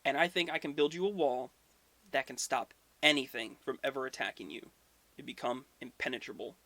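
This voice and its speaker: A man voicing a persuasive male traveling builder who pitches his offer formally. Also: a little fast, bright, forceful tone, no echo. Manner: formal, salesman-like.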